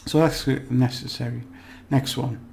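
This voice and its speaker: A man giving a relaxed, chatty language lesson, slowly repeating words for practice and laughing at his own slips. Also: mid-range voice, creaky, slight background noise. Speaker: language teacher. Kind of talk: casual spoken language lesson.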